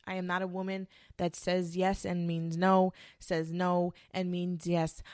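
A woman's voice: fairly low pitch, dry recording, clean studio sound. A woman talking straight to camera in a blunt, profane, emphatic rant about speaking her mind.

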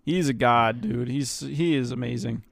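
A man's voice: medium pitch, normal speed, vocal fry, no room sound, clean studio sound. A man co-hosting a podcast, talking about anime in an enthusiastic, slangy, joking manner. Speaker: podcast co-host. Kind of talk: casual podcast chat.

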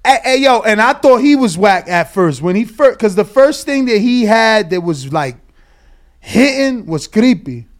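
High-voiced man in loose, profane chat. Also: animated, measured pace. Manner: loose, profane, swings between mumbling and loud outbursts. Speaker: podcast co-host. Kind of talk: casual chat.

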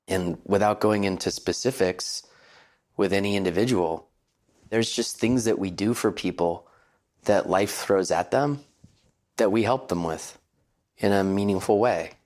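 Deep-voiced man, measured and earnest. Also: a little mellow. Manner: measured, earnest, thinks aloud. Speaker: guest, partner at his late father's investment firm. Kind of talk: reflective interview answers.

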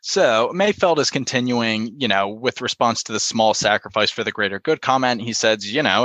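A man's voice: fairly low pitch, normal speed, hardly any pauses, fairly bright tone, dry recording. A man casually recapping a TV episode, retelling scenes and quoting lines with lots of "you know". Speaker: podcast co-host recapping an episode. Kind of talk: casual chat.

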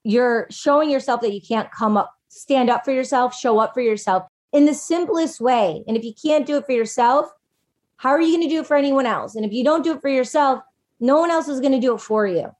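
A woman life coach talking casually in a podcast conversation, animated and full of "like", acting out little quotes. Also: sits high, brisk. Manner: chatty, animated, acts out quotes, fillers of "like".

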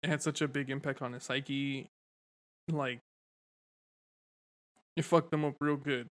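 A man's voice: medium pitch, fairly even intonation, a little slow. A man co-hosting a podcast, telling stories in a rambling, loose way with cursing and easy laughter. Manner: rambling, swearing, laughs easily. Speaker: podcast co-host. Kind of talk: casual podcast chat.

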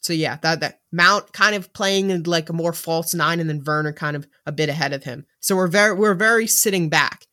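A man co-hosting a casual sports podcast, who talks tactics in an animated, jokey way. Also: fairly high pitch, a little fast, few pauses. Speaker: podcast co-host.

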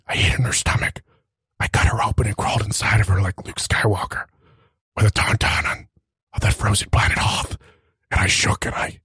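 A man voicing a timid male magical dragon, the last of his kind, in whispered role-play, hushed and nervous. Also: mid-range voice, breathy edge, no room sound, studio quality.

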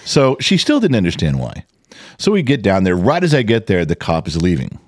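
A man tells a story on a podcast in a low voice that swings widely in pitch. He curses freely and acts out what others said. The sound is dry and close. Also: a little fast, dry recording. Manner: animated, profane, acts out quotes loudly. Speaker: podcast co-host. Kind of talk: casual storytelling chat.

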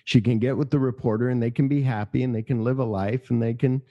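A man's voice: medium pitch, steady tone, quick pace, highs cut off. A man in his fifties co-hosting a podcast, telling stories casually and swearing now and then. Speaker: podcast co-host. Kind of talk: casual film discussion.

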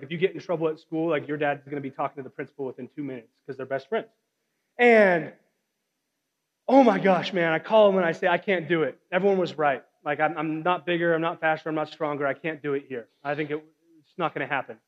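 A fairly high-voiced young man shares his testimony from a church stage in an earnest, storytelling way. His words trail off into a long hall reverb, and the recording sounds a bit dull. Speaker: guest speaker. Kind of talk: testimony sermon. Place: church sanctuary.

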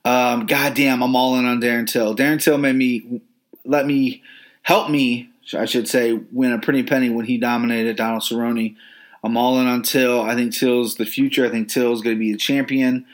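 A man's voice: medium pitch, little pitch movement, normal speed. A man hosting a podcast, giving brash, profane, opinionated commentary on fighters. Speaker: podcast host.

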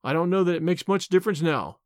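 A man voicing a cool young safecracker who speaks calmly and briefly. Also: sits high, fast, no room sound, studio quality, natural voice. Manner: cool, clipped, calm.

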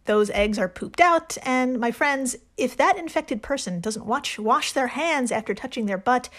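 A woman's voice: high voice, lively intonation, a little slow. A woman hosting a casual chat podcast, telling facts playfully and laughing often. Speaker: podcast host.

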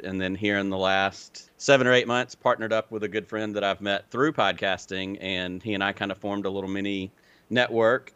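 A man in his forties with a mixed Southern US and Midwestern accent, telling his story as a podcast guest in a relaxed, clearly enunciated way. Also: fairly low pitch, dry recording, dull audio. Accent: Southern US with a Midwestern touch. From Illinois, raised in Alabama. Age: 40s. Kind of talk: casual interview chat.

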